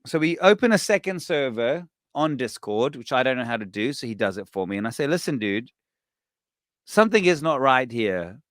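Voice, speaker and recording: A man hosting a podcast, telling a story in a casual, animated way, swearing and acting out what people said. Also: medium pitch, moderate pace, no echo, studio quality. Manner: animated, swearing, acts out quoted voices. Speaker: podcast host.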